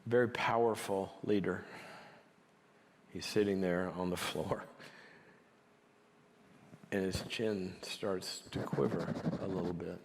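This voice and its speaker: A man gives a teaching talk in a conversational storytelling way, his voice sitting somewhat low. He talks into a large hall that carries a long reverb behind him. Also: fairly even intonation, takes it slowly, gravelly, long pauses. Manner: conversational, drops to a near whisper for quiet moments.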